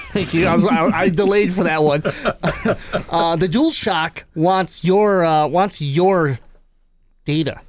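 A man's voice: fairly high pitch, slow, pauses often, slight background noise. Laughing, joking male podcast host. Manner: laughing, loose and joking, reads quotes aloud. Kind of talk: casual podcast banter.

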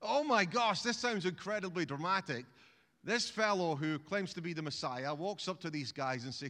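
A man's voice: high voice, lively intonation, a little fast, sharp tone, big-room sound. A man preaching a sermon in a chatty, humorous way, often restarting phrases and calling on the congregation to repeat words. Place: church.

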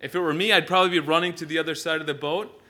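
A male pastor preaching a sermon, telling the story with lively energy and frequent "uh" fillers and restarts. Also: on the high side, very fast.

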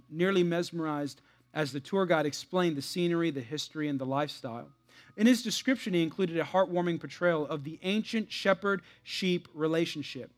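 A male pastor preaching a sermon, emphatic and repetitive, reading a story aloud and building to an appeal. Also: fairly high pitch.

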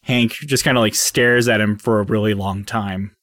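A man's voice: fairly low pitch, steady tone, normal speed, a bit bright, no echo, clean studio sound. A man narrating as game master of a tabletop game, rambling with many fillers.

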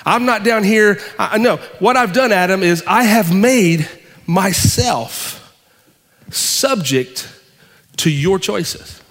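Preacher voicing God, all-knowing male creator, earnest and measured, fairly high voice, long hall reverb. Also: expressive, a bit bright, heavily acted. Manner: earnest, measured, first-person address.

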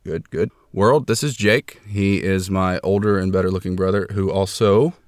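A man's voice: sits low, moderate pace, no room sound, studio quality. A young man hosting a homemade comedy podcast from a closet, rambling in a mock-grandiose way with lots of fillers. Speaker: podcast host.

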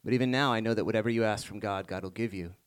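A man preaching a sermon to a congregation, moving between hushed reflective passages and rising emphatic ones. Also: fairly low pitch, very fast, smooth. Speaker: pastor.

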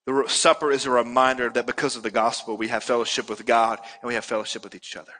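A man's voice: mid-range voice, level tone, fast talker, pushed and bright, big-room sound. A male pastor preaching a sermon earnestly, building to emphatic peaks.

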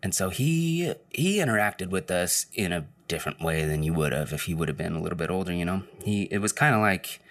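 A man with a low-set voice tells a personal anecdote in a loose, casual storytelling style. He rambles, breaks off and restarts often, with plenty of fillers along the way. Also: lively intonation, brisk, hardly any pauses, fairly bright tone.

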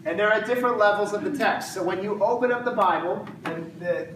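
High-voiced man teaching Bible in echoey room. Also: brisk. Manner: conversational, jokey, acts out voices of the disciples. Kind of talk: casual Bible teaching to a small group. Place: room with a live group. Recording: echoey room, distant mic, noisy background.

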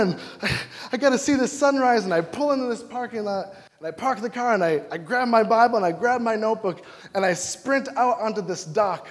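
Young male preacher from Wisconsin, high-pitched, animated storyteller, long reverb of a church hall. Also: fairly quick. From Wisconsin, United States. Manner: animated storytelling, acts out his own quoted lines. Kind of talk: sermon with personal stories.

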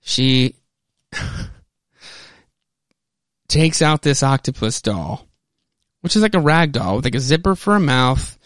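A man's voice: medium pitch, sing-song, slow, pauses often, a bit bright, no room sound. A man in the middle of his range hosts a podcast, walking listeners through a comic book plot in a loose, conversational way full of fillers and self-corrections. His voice is recorded close and dry, with no room sound around it. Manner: loose retelling with many fillers and restarts. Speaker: podcast host. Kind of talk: casual comic book recap.

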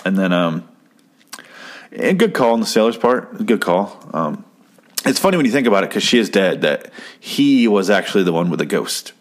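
A young man from Arizona talks through a story in a loose, rambling way, swearing freely and dropping deadpan jokes. His voice sits a little low and stays relaxed and conversational. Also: moderate pace. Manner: rambling, profane, deadpan joking. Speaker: podcast host reviewing an episode. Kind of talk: casual chat.

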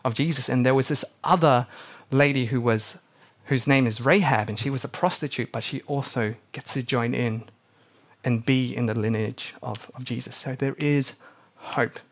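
A young man preaching a sermon to his church, telling stories with animated energy and acting out the people he quotes. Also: mid-range voice. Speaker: pastor.

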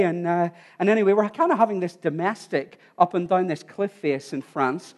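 High-voiced man preaching conversationally. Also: normal speed, hardly any pauses, a little mellow. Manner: informal, restarts words, addresses listeners directly. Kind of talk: conversational sermon storytelling.

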